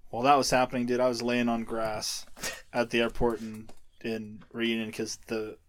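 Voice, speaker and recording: A man hosting a podcast in casual chat, relaxed, filling in details of a shared story. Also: medium pitch, moderate pace.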